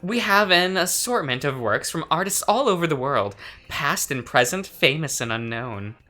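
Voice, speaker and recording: A man's voice: fairly high pitch, lively intonation, normal speed, sharp tone, soft background music. A man reading a friendly woman gallery curator. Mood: inviting. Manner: polite, inviting.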